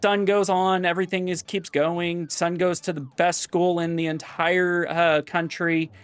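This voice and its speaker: A man on a stream telling a long shaggy-dog joke, rambling, correcting himself and filling pauses. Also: high-pitched, flat delivery, clear, resonant tone, no room sound. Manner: rambling, full of fillers and self-corrections.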